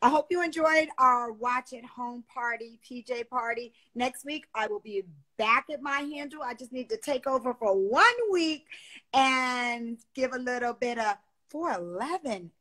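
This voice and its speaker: A woman's voice: on the high side, a little slow, fairly bright tone. A woman hosting a casual live stream on a phone, talking in a gushing, effusive way.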